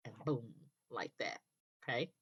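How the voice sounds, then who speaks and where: A woman with a notably low voice talks through a software tutorial, patient and methodical, pausing to check in with listeners. The recording sounds dull and lo-fi, like a basic desktop mic. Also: animated, breathy edge. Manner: patient step-by-step explaining, frequent "okay" checks. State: coughing now and then.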